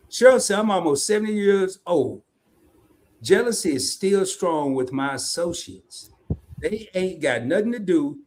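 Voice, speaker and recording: A middle-aged man with a Southern US accent, co-hosting a casual live stream, folksy and animated, reading viewer comments aloud. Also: fairly high pitch, moderate pace. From American South. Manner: animated, folksy, laughs often, reads chat comments aloud.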